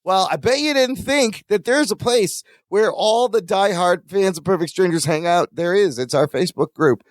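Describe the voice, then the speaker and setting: A man co-hosting a podcast, chatting about a sitcom episode and pitching the show's listener group. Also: dry recording, studio quality. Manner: animated, reads a quick promo for listeners. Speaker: podcast co-host. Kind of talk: casual podcast chat and show promo.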